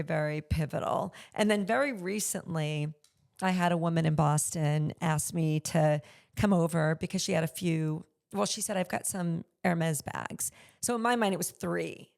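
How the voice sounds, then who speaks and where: Appearing as a podcast guest, a middle-aged luxury consignment store owner talks at a normal speed in a gravelly, fry-tinged voice that sits a little low. Her storytelling is candid and lively, and she imitates the people she quotes throughout the relaxed interview.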